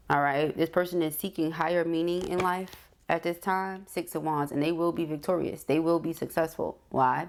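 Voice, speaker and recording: A woman's voice: deep voice, darkish tone. A woman giving a tarot reading, speaking directly to her viewer and often checking in with "okay?". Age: adult. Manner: frequent "okay?" check-ins, affirming. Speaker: tarot reader.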